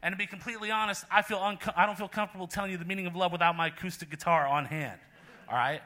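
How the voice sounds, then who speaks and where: A young man from Portland doing a laid-back stand-up set at a small live venue, deadpan with sudden loud bursts. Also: sits high, rapid-fire. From Portland, Oregon. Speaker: stand-up comedian.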